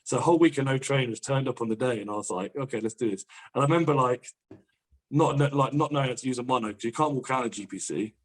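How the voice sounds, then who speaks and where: A young man, a powerlifter guest on a podcast, telling rapid, sweary anecdotes in casual chat. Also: medium pitch. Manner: fast, swearing, laughing anecdotes.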